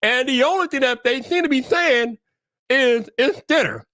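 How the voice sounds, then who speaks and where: A man with a notably high-pitched voice hosts a relaxed tech livestream, talking in a loose, slangy, hype-man way. His voice comes across dry and close, with no room sound around it. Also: moderate pace, dry recording. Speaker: livestream host. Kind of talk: casual tech livestream chat. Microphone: streaming setup mic.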